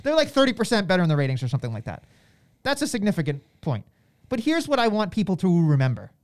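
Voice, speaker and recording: A woman's voice: mid-range voice, fast talker. A woman co-hosting a podcast, chatting casually and ranting with strong opinions. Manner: animated ranting, acts out quotes in mock voices. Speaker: podcast co-host.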